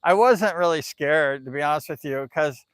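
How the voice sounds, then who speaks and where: Man, slightly high voice, dry close sound, casual live-stream storytelling, rambling with lots of filler words. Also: normal speed, fairly bright tone, smooth, no echo. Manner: rambling, heavy use of "like" and "you know".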